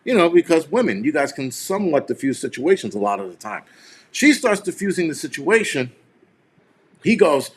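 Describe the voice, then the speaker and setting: A man's voice: fairly high pitch, very animated, normal speed, slightly rough. A man hosting a live stream, retelling a tense encounter in a heated, profane, rambling way. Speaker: show host.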